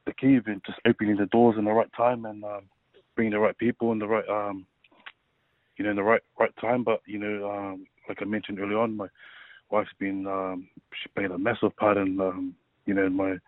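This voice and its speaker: A man in his thirties, a rugby league player, telling his personal story in a casual interview, halting and full of fillers. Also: fairly low pitch, flat delivery, no echo. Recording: tinny phone-like line.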